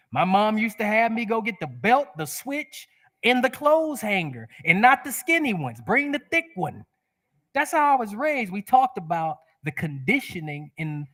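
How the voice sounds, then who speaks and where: Animated man preaching a sermon. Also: high voice. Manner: animated, laughs at his own stories. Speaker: guest speaker. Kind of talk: spiritual sermon with personal storytelling. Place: church sanctuary.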